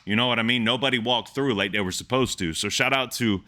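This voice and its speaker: A man hosting a music reaction channel, excitedly repeating lines and breaking them down in casual commentary. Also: medium pitch, fast talker.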